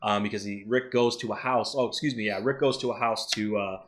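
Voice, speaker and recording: A man co-hosting a casual review chat, animated and quick to act out lines from scenes. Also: fairly low pitch. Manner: animated, acts out character lines. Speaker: show co-host.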